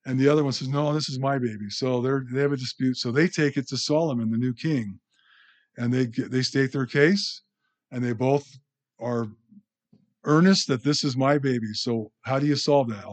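A man's voice: medium pitch, moderate pace. A man teaching a sermon in a conversational way, often asking the audience questions. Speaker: pastor.

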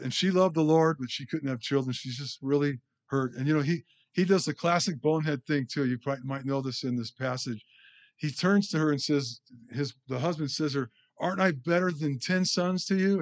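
A man preaching in a loose, conversational way. His voice sits a little high for a man. He stumbles, restarts words and talks to the congregation as if chatting with friends. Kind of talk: informal sermon.

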